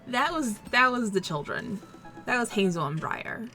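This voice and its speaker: A woman's voice: fairly high pitch, sing-song, normal speed. Woman, let's play host, bubbly, playful, game music in background. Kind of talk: casual game commentary.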